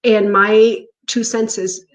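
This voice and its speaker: A woman's voice: medium pitch, flat delivery, takes it slowly, poor audio. A woman talking to her viewers from home, earnest and encouraging, with a laugh now and then. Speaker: spiritual coach. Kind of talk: casual talk to viewers.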